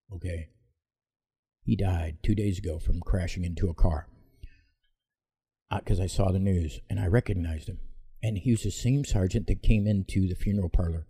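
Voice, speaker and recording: Gravelly, deep-dark man telling a story. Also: moderate pace, no room sound. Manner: rambling, self-correcting, blunt. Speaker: vlogger telling a personal story. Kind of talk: casual rambling storytelling.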